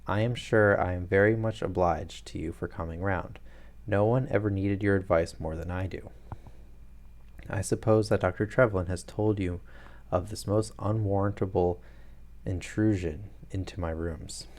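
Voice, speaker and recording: A man's voice: deep voice, fairly even intonation, moderate pace, darkish tone. A man voicing a fat, nervous, frightened middle-aged man who pleads anxiously.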